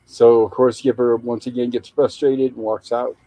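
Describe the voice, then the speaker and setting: A man's voice: mid-range voice, level tone, normal speed, warm tone, no echo, poor audio. A man hosting a show, chatting casually as he retells the plot of an old TV episode. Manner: chatty, plain storyteller. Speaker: show host.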